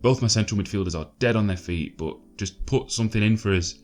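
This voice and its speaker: A low-voiced man talks through his game in a loose, chatty way. He sounds exasperated, swears freely and fills gaps with ums. Faint music plays underneath. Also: fast, darkish tone. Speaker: gaming channel host. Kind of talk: casual gameplay commentary.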